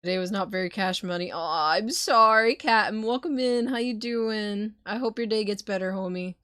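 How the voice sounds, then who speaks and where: A woman's voice: mid-range voice, fairly quick, dry recording, clean studio sound. A woman streamer, not a native English speaker, chatting loosely with her viewers, swearing and laughing often before a book reading. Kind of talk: casual live-stream chat.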